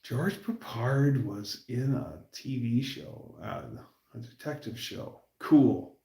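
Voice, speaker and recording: A man with a gravelly, fry-laden voice rambles through casual stories on a livestream. He talks loosely with restarts and drifting tangents, recorded in a roomy space with noticeable echo. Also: medium pitch, expressive, dark tone. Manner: rambling, storytelling, puts on quick voices for quotes. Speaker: livestream host.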